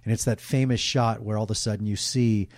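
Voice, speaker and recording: A middle-aged sportscaster telling emotional, candid stories in a casual interview, rambling with restarts. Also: male voice, fairly low pitch, steady tone, brisk, a little mellow, no room sound, clean studio sound. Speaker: guest, sportscaster.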